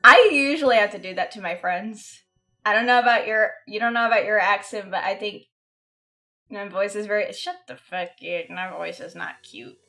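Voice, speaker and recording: A woman's voice: mid-range voice, moderate pace, creaky, sharp tone, soft background music. A woman streamer chatting casually while gaming, self-mocking and swearing freely. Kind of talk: casual game streaming chat.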